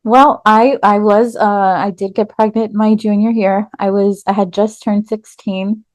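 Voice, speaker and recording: A woman's voice: medium pitch, fairly even intonation, a little slow, darkish tone, no echo. A woman in her thirties from Texas, candidly telling her life story as a podcast guest, with lots of filler words. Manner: chatty, many "like" fillers.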